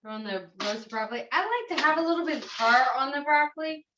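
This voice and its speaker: A woman's voice: high-pitched, lively intonation, fast, noisy background. A woman executive chef giving a chatty, step-by-step cooking demonstration in a kitchen. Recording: roomy, slightly dull sound.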